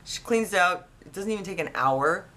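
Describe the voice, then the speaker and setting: Woman, casual storytelling, low-pitched, bright tone, rambling, animated. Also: normal speed. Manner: animated, rambling retelling with many restarts. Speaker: vlogger.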